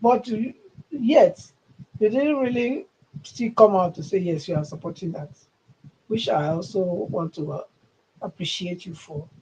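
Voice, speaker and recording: A woman's voice: lowish voice, measured pace, pauses often, warm tone, a little hiss or hum, poor audio. A woman with a Nigerian English accent hosting a livestream, giving emphatic, rambling political commentary with a mocking edge. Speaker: channel host.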